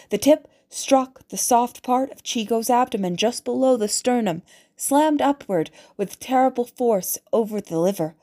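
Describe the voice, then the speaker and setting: A woman reading a novel aloud as audiobook narrator, in a measured, deliberate way. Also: mid-range voice, mellow.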